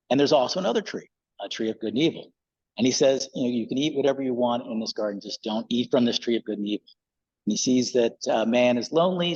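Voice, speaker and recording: A man's voice: mid-range voice, breathy edge, highs cut off. A male pastor giving a casual, conversational sermon in a church, with loose fillers.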